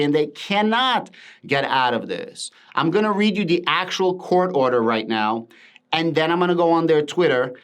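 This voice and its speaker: A man's voice: fairly high pitch, fairly bright tone. A man talking through a finance topic on his channel in an emphatic commentary style, repeating words for stress. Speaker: crypto finance YouTuber. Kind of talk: casual commentary to camera.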